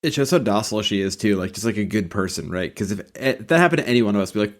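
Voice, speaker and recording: A man's voice: on the low side, animated, fast talker, few pauses. A man co-hosting a podcast, rambling in casual chat with lots of filler words. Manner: rambling, many filler likes. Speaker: podcast co-host.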